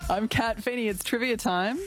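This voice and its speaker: A woman's voice: a little high, moderate pace, over loud music. A woman with an Australian accent hosting a live radio trivia segment, chatty and playful. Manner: chatty, playful, laughs often. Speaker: radio host. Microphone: studio microphone.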